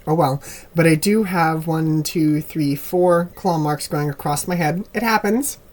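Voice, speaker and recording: A man giving a casual tarot reading to camera in a relaxed, rambling way with frequent ums, his voice a little worn, recorded on a camera mic at home with birds heard behind him. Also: on the high side, measured pace. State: slightly losing voice. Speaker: tarot reader. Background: birds chirping.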